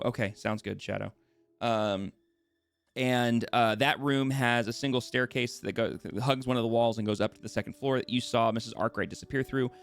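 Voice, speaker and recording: A man's voice: mid-range voice, a bit bright. A man acting as dungeon master, narrating scenes and ruling on spells in a self-deprecating, hesitant way full of fillers. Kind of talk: narrating and ruling a tabletop game.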